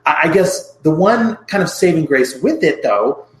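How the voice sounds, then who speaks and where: A man's voice: fairly high pitch, big pitch swings, moderate pace. Podcast co-host, male, chatty recap voice, roomy echo. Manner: chatty, recapping plot with asides. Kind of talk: casual film review chat.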